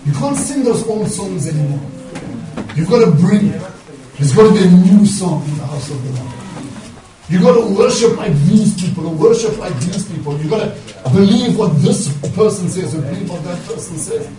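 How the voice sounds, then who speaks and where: High-voiced man preaching a fervent sermon. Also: animated, normal speed, warm tone. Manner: impassioned, rhetorical, checks in with 'yeah?'. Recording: echoey room from far off, music underneath. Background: music.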